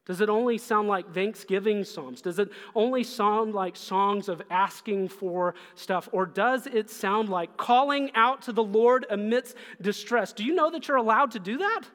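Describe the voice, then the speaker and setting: A man's voice: sits high, a bit bright. A man preaching a sermon as pastor, earnest and pressing his listeners with repeated questions. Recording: long hall reverb.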